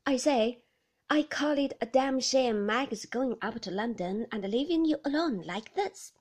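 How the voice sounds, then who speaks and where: A woman reading the lines of a teasing, flirtatious man in a story, speaking loudly. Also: fairly high pitch, expressive, measured pace. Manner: teasing and loud. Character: cheeky, flirtatious man in sports car.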